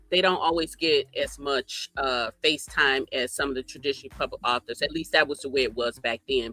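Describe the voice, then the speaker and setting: A man's voice: on the high side, bright, forceful tone, no echo. A man co-hosting a casual book podcast, talking reflectively with many fillers. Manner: reflective, lots of "you know" fillers. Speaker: podcast co-host. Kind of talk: casual chat.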